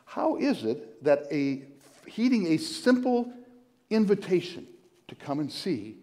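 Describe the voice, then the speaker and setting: A man preaching a conversational sermon as pastor, retelling a story in a halting way, repeating and restarting words and inviting listeners to join in. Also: on the high side, a little mellow. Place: church sanctuary. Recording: long hall reverb.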